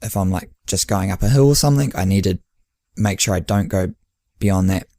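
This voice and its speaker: New male podcast host and coach, lowish voice, dry; animated storyteller. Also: fairly quick, no room sound. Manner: chatty storyteller who acts out quoted dialogue with laughs. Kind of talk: casual podcast chat.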